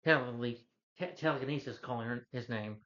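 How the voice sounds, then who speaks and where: Male reviewer, mid-pitched, talky and rambling, dull lo-fi sound. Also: brisk, fairly bright tone. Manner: rambling, restarts, hums the score and quotes lines. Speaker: movie reviewer. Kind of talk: casual rambling movie review.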